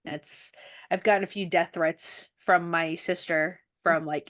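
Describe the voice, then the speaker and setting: A woman's voice: fairly low pitch, measured pace. A woman hosting a podcast in casual chat, telling stories animatedly and acting out bits of dialogue. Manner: animated storyteller who acts out dialogue. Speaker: podcast host and author.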